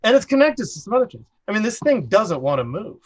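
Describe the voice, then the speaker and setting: A middle-aged man telling a casual story as a podcast guest, rambling and animated, full of "like" fillers. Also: high voice, fast, husky. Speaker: podcast guest, production designer.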